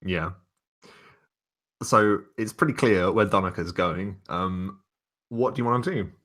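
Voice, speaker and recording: A man with a very deep voice runs a tabletop game as its game master. His narration is loose and unhurried, dotted with fillers as he sets scenes for his players. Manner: relaxed, wordy narration with fillers.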